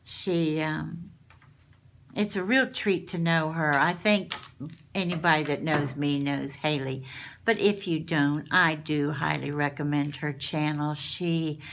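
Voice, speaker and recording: A woman's voice: low-pitched, steady tone, takes it slowly, fairly bright tone. A woman, chatting at home as she unboxes crafty mail and gushes over each item. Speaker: craft channel host. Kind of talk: casual unboxing chat.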